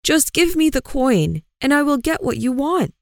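A woman voicing a wise old male sage in a storybook reading, speaking with calm authority. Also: high-pitched, normal speed, no echo, studio quality, voice pushed up. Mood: assured.

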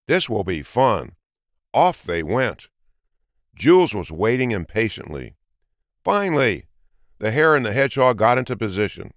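A man narrating a children's storybook in an expressive, lilting way. His mid-pitched voice moves a lot, and the recording is close and dry with no room sound. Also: moderate pace, pauses often, no echo.

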